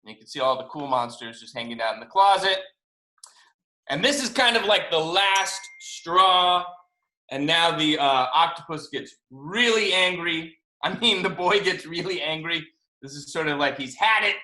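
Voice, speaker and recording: A man, a children's author, reading his picture book aloud to first graders over a video call, expressive and asking them questions. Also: fairly high pitch, moderate pace. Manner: animated, expressive, asks kids questions. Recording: roomy video call audio.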